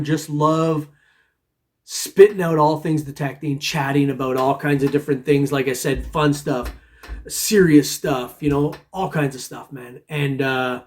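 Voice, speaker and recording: A man hosting a metal detecting vlog, chatting to viewers in a loose, rambling way, chuckling often and calling everyone "man". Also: fairly high pitch. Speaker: metal detecting channel host. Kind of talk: casual vlog chat to viewers.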